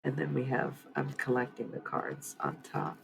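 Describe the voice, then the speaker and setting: A woman's voice: extremely low pitch, big pitch swings, normal speed, vocal fry, music in the background, low-quality recording. A woman hosting a livestream card reading in casual chat, blunt and swearing freely, talking back sharply.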